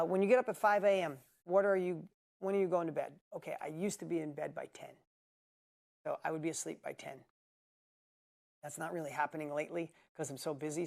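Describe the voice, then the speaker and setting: A man's voice: a little high, vocal fry. Blunt, emphatic male coach. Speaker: business coach and host. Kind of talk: live coaching Q&A.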